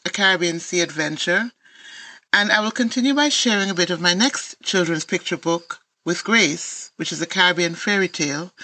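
A woman's voice: fairly low pitch, bright, forceful tone, no room sound, poor audio. A woman from Antigua with an Antiguan accent, an author reading her own children's picture books aloud in lilting storybook narration.

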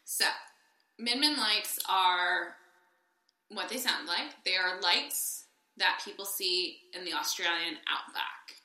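A woman's voice: on the low side, slow, pushed and bright, roomy sound. A woman co-hosting a podcast in casual chat, giggly and rambling with lots of fillers. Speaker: podcast co-host.

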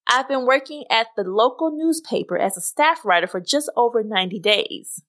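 A woman podcast host reading her own story aloud, with an expressive, animated delivery. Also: fairly high pitch, normal speed, hardly any pauses. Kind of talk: scripted story narration.

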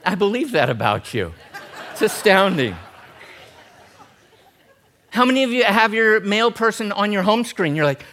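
A man preaching a sermon as pastor, animated and jokey, talking straight to his congregation. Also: high-pitched, moderate pace, long pauses, a faint crowd.

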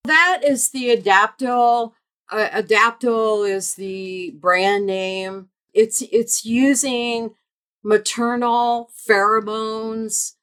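A woman guest speaks unhurriedly, choosing each word with care. She explains puppy behavior in a measured, patient way, and her voice sits in a middle pitch. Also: a bit bright. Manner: slow, measured and deliberate. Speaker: guest dog behavior expert. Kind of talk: explanatory interview answers.

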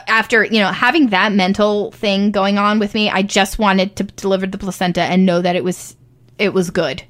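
A woman's voice: medium pitch, a bit bright. Chatty young woman recounting a birth. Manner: chatty, frequent ums and likes, acts out quoted voices. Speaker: new mother telling her birth story. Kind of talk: casual personal storytelling.

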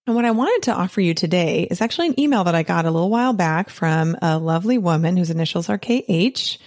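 A woman's voice: fairly low pitch, expressive, fast talker, a little mellow, no room sound, clean studio sound. A middle-aged woman hosting her own podcast, talking casually and animatedly, pleading playfully with her listeners. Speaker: podcast host and physician coach. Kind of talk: casual solo podcast talk.

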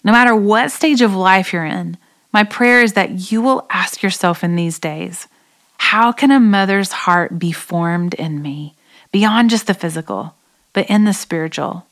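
A woman's voice: medium pitch, unhurried. A woman in her forties hosting a devotional podcast, speaking in an earnest, reflective way. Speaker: podcast host. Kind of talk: devotional talk.

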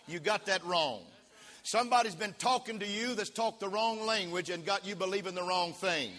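A man preaching a sermon as pastor, leading the congregation in call-and-response and rising to shouts. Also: high-pitched. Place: church sanctuary. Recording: long reverb of a church hall.

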